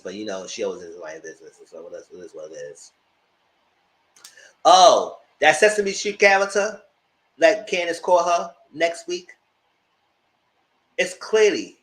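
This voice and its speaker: A man giving blunt, profane live commentary on reality TV episodes, acting out cast members' lines in high voices. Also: echoey room, low-quality recording. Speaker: reality TV reviewer. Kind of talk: live casual recap commentary.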